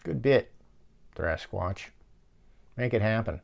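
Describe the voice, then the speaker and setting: A man's voice: lowish voice, measured pace, creaky. A man hosting a casual movie-riffing show from his office, rambling and swearing as he rants. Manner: rambling, profane, ranting. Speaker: show host.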